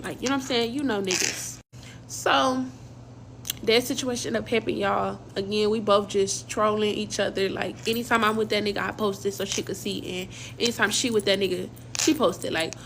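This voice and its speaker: A woman's voice: medium pitch, noisy background. A young woman casually telling a personal story in slang, acting out quoted dialogue as she goes. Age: young adult.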